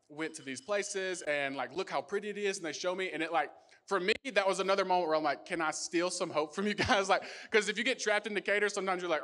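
A young male pastor preaching a sermon, telling a lively personal story full of casual fillers. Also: sits high. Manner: storytelling, animated, many fillers like "like".

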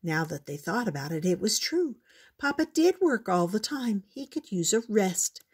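An older woman gently reading a children's storybook aloud in a measured, unhurried way. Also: mid-range voice, big pitch swings, breathy edge.

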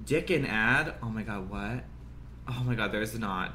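A man's voice: fairly low pitch, unhurried, bright, forceful tone, slight background noise. A young adult man chatting casually on a livestream, profane and complaining, congested and coughing now and then.

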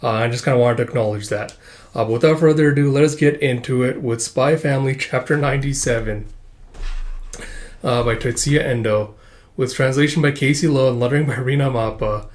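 A man's voice: medium pitch, brisk. A man hosting a casual manga read-along, narrating in a loose, chatty way with filler words.

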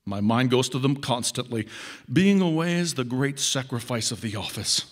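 A man's voice: mid-range voice, animated, normal speed, close to an everyday voice. A man reading a pompous hologram president. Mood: stately evasive. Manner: pompous, speechmaking. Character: hologram male president, stately and evasive.

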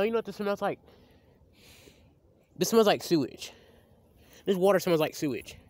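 A man's voice: mid-range voice, no echo. Rambling young man vlogging by a creek. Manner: rambling, stammering and restarting. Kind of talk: casual outdoor vlog. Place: outdoors by a creek. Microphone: handheld phone camera.

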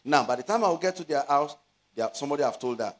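A middle-aged man with a Nigerian Yoruba accent, preaching a sermon as a pastor, stretching out scripture words and building to loud exhortations. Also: a little high, animated. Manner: slows to stress scripture phrases.

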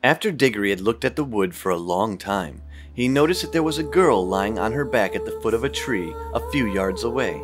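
Calm man reading a storybook aloud. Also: lowish voice, fairly quick, over music. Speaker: audiobook reader. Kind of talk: storybook narration.

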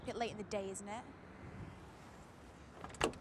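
A young actress playing a sarcastic, sulky teenage daughter. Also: female voice, medium pitch, fairly even intonation, very slow, noisy background.

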